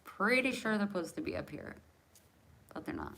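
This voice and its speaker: A woman in her forties with a slightly low voice, chatting live with her viewers. She is candid and self-mocking, teasing commenters by name and laughing easily between remarks. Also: animated, moderate pace, gravelly, a bit bright. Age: 40s. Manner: laughs often between lines. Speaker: livestream host. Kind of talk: casual live chat with viewers.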